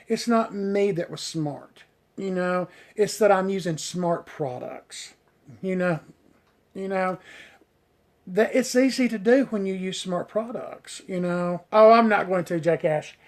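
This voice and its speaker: A man working as a hairstylist, chatting casually on a live stream and answering viewer comments, rambling enthusiastically with lots of filler words and getting tongue-tied on hard words. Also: high voice. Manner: rambling, heavy on "you know" fillers, enthusiastic.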